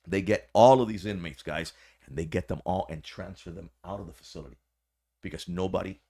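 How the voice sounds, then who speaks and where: A man telling a story in a low voice with a gravelly, fry-laden edge. He is a podcast guest and former corrections officer. His talk is animated, slangy and full of swearing. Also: fairly quick. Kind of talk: casual storytelling.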